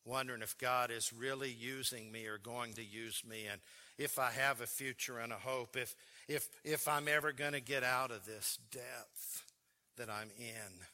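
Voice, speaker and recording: A pastor delivers a storytelling sermon in a sharp, very forceful voice. He talks earnestly and with emotion, often stumbling over and repeating his words. It sounds like he is speaking from the pulpit of a church. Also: mid-range voice. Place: church sanctuary.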